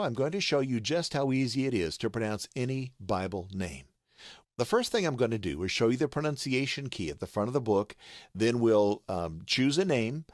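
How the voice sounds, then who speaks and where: A man's voice: on the low side, no echo, clean studio sound. An American man patiently walking through a pronunciation tutorial, spelling out letters step by step. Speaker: voice artist teaching pronunciation. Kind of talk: screen-share tutorial.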